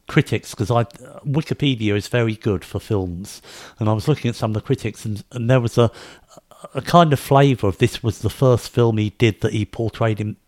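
Low-voiced rambling podcast host. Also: male voice, a little mellow, no echo, studio quality. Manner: rambling, with many fillers and restarts. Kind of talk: casual podcast chat.

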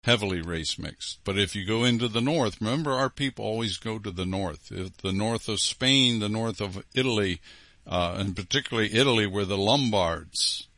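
Emphatic low-voiced male host. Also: moderate pace, a bit bright, dry recording. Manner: emphatic, repeats key phrases. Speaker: host reading listener letters. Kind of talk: reading letters aloud with commentary.

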